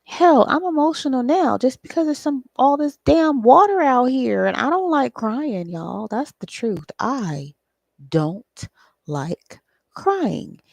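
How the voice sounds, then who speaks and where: Woman, tarot reader, raspy fry in the voice, dry close sound, rambling with ums, casual cursing. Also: high voice, lively intonation, moderate pace, hardly any pauses, a little mellow, no echo. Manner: thinks aloud, loose and profane, with frequent ums. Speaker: tarot reader and psychic channeler. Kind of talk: casual solo tarot reading.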